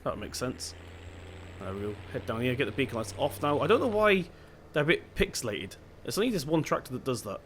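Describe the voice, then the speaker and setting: A man's voice: mid-range voice, lively intonation, brisk, a little hiss or hum. A young man with a Devon accent, chatting casually and thinking aloud while he plays a farming game. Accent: Devon English. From England (Devon). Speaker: gaming channel host. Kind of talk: casual gameplay commentary.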